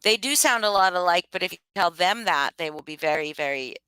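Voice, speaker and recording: Worn-out lady swearing and laughing at herself in casual chat, bright edgy voice, dry sound. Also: on the low side, lively intonation, fairly quick, clean tone, no echo, poor audio. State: tired.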